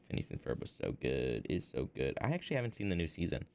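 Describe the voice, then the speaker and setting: A young man streams while working on an art piece, rambling in a playful, casual way as though half talking to himself. His very deep, gravelly voice swings hugely in pitch, runs fast with few pauses, and the audio sounds dull.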